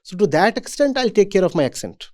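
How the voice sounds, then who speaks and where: A man giving a reflective talk to students as a spiritual teacher. He speaks in a deliberate, measured way. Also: high-pitched, very animated, darkish tone.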